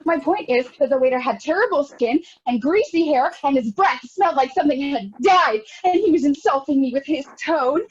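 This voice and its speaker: A young woman in a scene study plays a neurotic, self-pitying married woman, delivering a rambling, anxious theatre monologue over a video call. Her high voice is animated and fairly quick, with few pauses, and it bursts into near-tearful shouts. The video call audio is dull and lo-fi.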